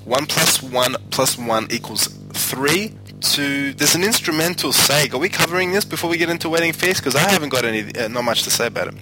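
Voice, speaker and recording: Man, podcast co-host, fast talker, brisk, noisy recording. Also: a little high, expressive. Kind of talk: casual music chat.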